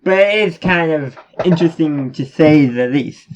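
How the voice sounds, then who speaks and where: A man's voice: a little high, moderate pace, muffled recording. A man giving a casual spoken review, rambling along with many restarts and fillers. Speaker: reviewer of animated episodes.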